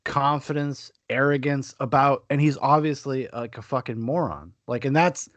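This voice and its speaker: A man's voice: medium pitch, moderate pace, no echo. A man hosting a casual podcast chat, swearing freely and slipping into mock-boastful rants. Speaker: podcast host.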